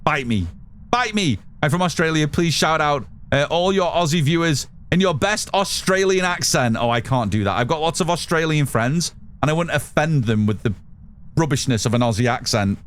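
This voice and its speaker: A man's voice: on the high side, normal speed, fairly bright tone, clean tone. A British man chatting casually with viewers while playing a game on a live stream. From United Kingdom. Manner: chatty, reads out and answers chat while playing. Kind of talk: casual live gameplay commentary.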